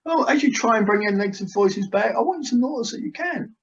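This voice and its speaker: A man's voice: extremely high pitch, animated, quick pace. A man working as a hypnotist, leading a guided session with soothing, repetitive suggestions over a video call. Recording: dull lo-fi video call audio.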